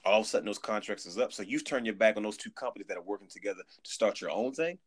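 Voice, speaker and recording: A man in casual podcast chat, animated and emphatic, often restarting his sentences. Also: lowish voice, very fast, slightly rough. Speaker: podcast guest.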